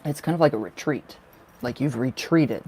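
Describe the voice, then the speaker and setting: A man's voice: mid-range voice, moderate pace, a little mellow, slight background noise. A man giving tarot card readings on a casual livestream, affectionate and gushing, laughing often as he chats to viewers. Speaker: tarot reader.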